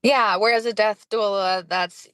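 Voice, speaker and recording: A woman's voice: medium pitch, steady tone, measured pace, fairly bright tone, dry recording. Chatty woman podcast host, dry sound. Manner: chatty, with frequent laughs and fillers. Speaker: podcast host and hospice nurse. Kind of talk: casual interview chat.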